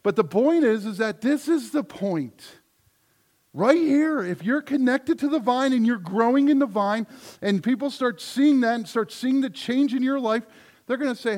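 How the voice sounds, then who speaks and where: A male pastor preaching a sermon, emphatic, moving between loud declarations and soft asides. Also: very high-pitched, expressive, moderate pace.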